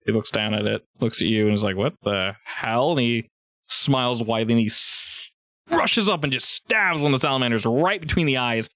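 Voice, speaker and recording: A man's voice: mid-range voice, brisk, a bit bright, no room sound. Man game master, rambling casual narration, dry recording. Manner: rambling, laughs often, many restarts.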